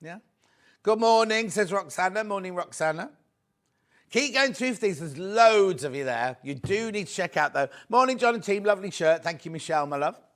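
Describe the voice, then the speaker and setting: A man hosts live TV selling and keeps up a bright, chatty patter. His voice sits a little high for a man. He greets viewers by name and keeps urging them to buy before stock runs out. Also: expressive, moderate pace. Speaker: shopping channel presenter.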